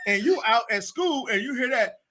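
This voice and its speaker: A man who is a teacher and basketball coach, talking on a podcast in a blunt, animated way, acting out kids and parents and laughing often. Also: very high voice, moderate pace, a loud crowd. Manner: animated storyteller, acts out voices of kids and parents. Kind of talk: casual podcast conversation.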